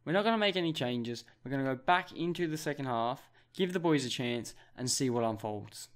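A young Australian man commentating his football management game, with excitable play-by-play. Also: mid-range voice, fairly quick. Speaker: gaming YouTuber.

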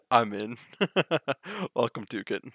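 A man's voice: medium pitch, sing-song, extremely slow, fairly bright tone, breathy edge, no room sound. A man streaming a game live, chatting casually, laughing often and thanking viewers.

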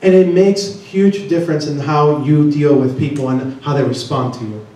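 A conference speaker with a slightly high, warm voice gives a seminar talk at a moderate pace. He puts many questions to the audience in a large conference room. The distant mic yields an echoey sound.

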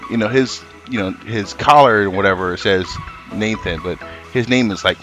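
A man streaming live as a comic artist, telling a rambling, profane, animated story while he paints. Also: low voice, moderate pace, soft background music. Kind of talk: casual storytelling on a livestream.

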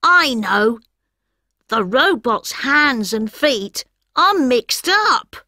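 A kind, helpful child from a storybook, as a woman narrator puts it on. Higher than her usual voice, bright and exaggerated. Close and dry recording. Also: big pitch swings, drawn-out words, no echo, heavily acted.

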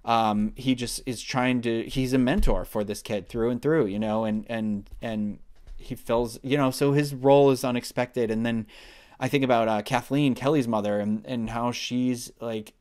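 A man's voice: mid-range voice, normal speed, darkish tone. Chatty man in his thirties rambling. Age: 30s. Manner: rambling, enthusiastic, many fillers and restarts. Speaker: book club vlogger. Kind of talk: casual book review.

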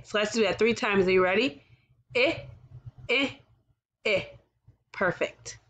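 A woman's voice: fairly high pitch, fairly bright tone. A woman teaching a recorded kindergarten lesson, encouraging the children and sounding out letters one by one.

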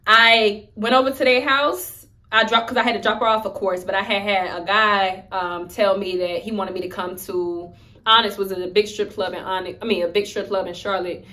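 A woman's voice: mid-range voice, steady tone, moderate pace, bright, forceful tone. Emphatic young woman telling a story. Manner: candid, emphatic, conversational. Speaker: vlogger. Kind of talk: story-time vlog.

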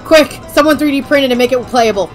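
A woman streaming a video game, chatting excitedly, joking and swearing as she plays. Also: high-pitched, quick pace, soft background music. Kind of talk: casual let's-play commentary.

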